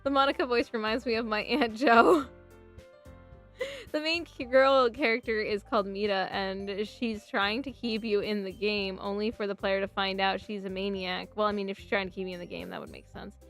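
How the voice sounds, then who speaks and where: A woman's voice: mid-range voice, fairly even intonation, moderate pace, a bit bright, faint music behind. A woman streamer chatting casually and reading game text aloud, often breaking into giggles. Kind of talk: casual let's-play commentary.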